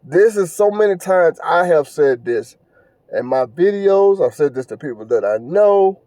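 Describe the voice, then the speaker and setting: A middle-aged man talks solo on his podcast in an earnest, lecturing way. His voice sits a bit high but sounds warm and dark, and he often repeats himself and stumbles over uh's. The recording is dry, with no room sound. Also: lively intonation, measured pace, dry recording. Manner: earnest, preachy, repeats phrases, stumbles with fillers. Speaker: podcast host. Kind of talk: casual monologue commentary.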